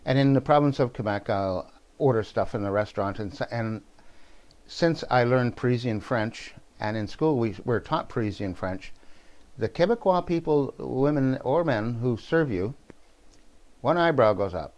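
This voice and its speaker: A man's voice: mid-range voice, animated, normal speed, darkish tone. A man from New Brunswick, talking in a rambling, digressive and opinionated way in a casual political monologue to camera. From New Brunswick, Canada. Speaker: vlogger.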